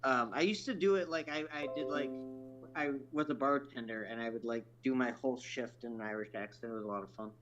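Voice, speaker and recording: Relaxed man on a dull lo-fi line. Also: medium pitch, brisk, soft background music. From Oregon. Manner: relaxed, agreeable, lots of filler words. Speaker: fellow storm chaser guest. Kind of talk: casual livestream chat.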